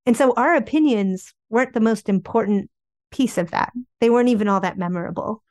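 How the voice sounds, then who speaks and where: A woman's voice: fairly high pitch, a little fast, no echo. Chatty woman telling family stories, dry sound. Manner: chatty, animated, peppered with "like". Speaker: memoir author guest. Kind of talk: candid storytelling interview.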